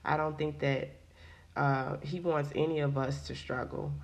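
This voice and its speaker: A woman's voice: low voice, steady tone, a little slow. A woman co-hosting a casual motivational chat, speaking in an earnest, encouraging and affirming way.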